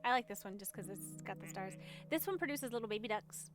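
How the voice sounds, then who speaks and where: A woman's voice: medium pitch, lively intonation, quick pace, music in the background. A woman streamer chatting casually and rambling while she plays, often giggling. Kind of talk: casual chat while gaming.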